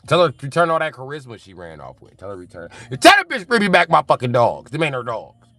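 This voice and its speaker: A man streaming live and reading chat aloud, in loose, animated, profane banter with frequent laughter. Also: medium pitch, fast talker, no room sound.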